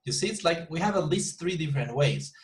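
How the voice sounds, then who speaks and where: A man teaching an online English class, patiently repeating example sentences slowly with the stress moved around. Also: fairly high pitch, animated, low-quality recording.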